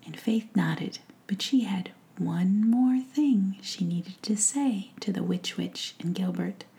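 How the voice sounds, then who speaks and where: A woman narrating a bedtime story in a hushed, soothing whisper. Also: medium pitch, slow pace, creaky, few pauses.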